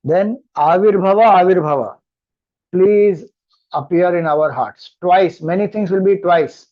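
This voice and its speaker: A man's voice: high-pitched, phone-quality sound. Indian man chanting and explaining scripture. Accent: Indian English. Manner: slow, explanatory, chants mantras then explains. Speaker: spiritual teacher. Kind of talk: scripture discourse.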